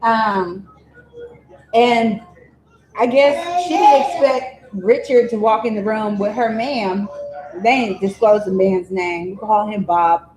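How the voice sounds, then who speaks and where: A woman vlogger telling a true-crime story in a chatty, digressive way, full of animated asides. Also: mid-range voice, slow pace, echoey room, noisy background.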